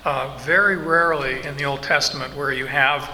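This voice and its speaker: A middle-aged man preaching an expository sermon, slow and emphatic, with asides and restarts. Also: mid-range voice, steady tone, pushed and bright. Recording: long hall reverb, faint background noise.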